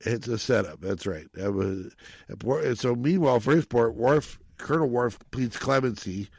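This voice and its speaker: A man with a gravelly, creaky voice hosts a casual film podcast. He rambles in an animated way and acts out the lines he quotes. The sound is dry and close. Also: medium pitch, normal speed, no room sound. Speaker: podcast host.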